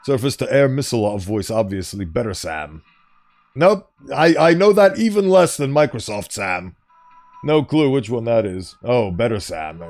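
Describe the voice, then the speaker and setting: A man's voice: medium pitch, animated, normal speed, darkish tone, faint music behind. A man streaming a game, chatting playfully with viewers and laughing often. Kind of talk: casual gameplay commentary.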